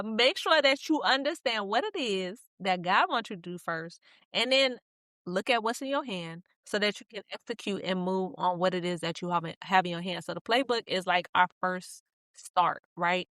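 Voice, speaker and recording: A woman's voice: mid-range voice, animated, moderate pace, fairly bright tone, no room sound, clean studio sound. A woman guest on a faith podcast, talking casually and upbeat, often laughing and repeating points for emphasis. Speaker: guest, business founder. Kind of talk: casual interview chat.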